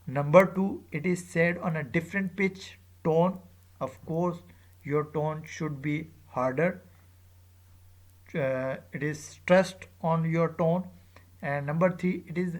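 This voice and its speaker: A teacher giving a recorded lecture to students, speaking hesitantly with frequent fillers and repeated phrases, drawing out and stressing example words. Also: mid-range voice. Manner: drawn-out, emphatic example words.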